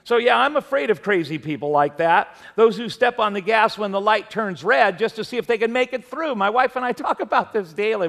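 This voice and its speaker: High gravelly man preaching in a hall. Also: animated, a little fast, few pauses, fairly bright tone. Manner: conversational preaching with humorous anecdotes. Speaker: pastor. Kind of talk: sermon.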